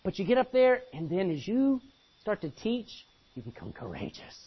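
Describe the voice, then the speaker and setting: A man preaching a sermon in an animated way, acting out Bible scenes as he goes. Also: high voice, normal speed, breathy edge. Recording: dull lo-fi recording.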